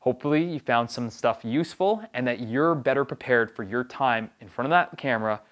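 A man's voice: medium pitch, fairly quick, fairly bright tone. Upbeat man giving on-camera coaching tips. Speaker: video production host.

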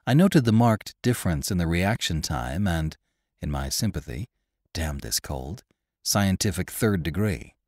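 A man narrating a classic story for a podcast in a measured, expressive storytelling manner. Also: low-pitched, dry recording, clean studio sound.

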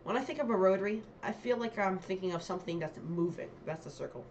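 Talking quickly in a mid-range, slightly mellow voice, a woman vlogger offers casual, hesitant commentary on a dialect quiz, with lots of ums and corrections of herself. The sound is lo-fi, with slight background noise.

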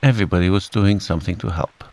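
A man calmly reading a bedtime storybook aloud, in a soothing manner. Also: deep voice, fast. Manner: calm, soothing. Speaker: narrator.

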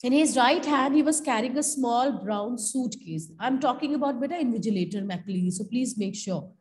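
A woman's voice: a little high, moderate pace, darkish tone, rough recording. A woman teacher with an Indian accent, reading a story aloud in class and stopping to explain it to her students. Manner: switches between reading aloud and explaining, calls students "beta". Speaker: school teacher.

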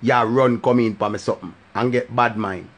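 A man with a Jamaican accent, talking in patois on his live stream in an animated, sing-song way and often repeating a catchphrase. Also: mid-range voice, brisk. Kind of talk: casual live-stream rant.

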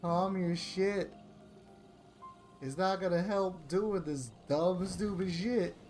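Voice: medium pitch, slow. A young adult gamer ranting angrily and swearing constantly during gameplay commentary, with sighs. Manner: frustrated, sighs and laughs. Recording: faint game music behind.

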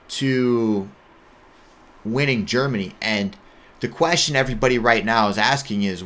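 A man's voice: medium pitch, normal speed, sharp tone. An American man in his thirties, a judo athlete, telling his own story in a candid, rambling way, full of "like" and "right?". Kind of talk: casual storytelling monologue.

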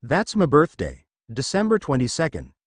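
A man's voice: on the high side, wildly swooping pitch, moderate pace, no room sound, studio quality. A man voicing a blunt teenage girl demigod in a fan story reading.

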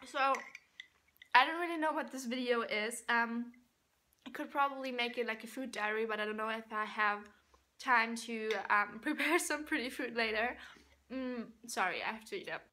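A woman's voice: a little high, moderate pace, sharp tone, slight background noise. A young woman chatting casually in a vlog, giggling often and talking while she eats, tired from a sleepless night. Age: young adult. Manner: giggly, chatty, laughs often between sentences; talks while eating. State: underslept and tired. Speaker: vlogger.

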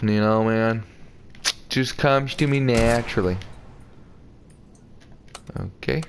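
Male gamer, low gravelly voice, slow joking commentary, faint noise behind. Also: fairly even intonation. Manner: joking, crude, talks back to the game. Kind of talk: casual let's play commentary.

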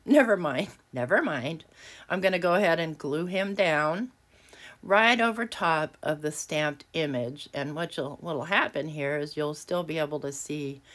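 Low-voiced woman chatting through a craft tutorial. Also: a bit bright. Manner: chatty, self-deprecating, laughs often. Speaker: craft video host. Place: home craft desk, early morning.

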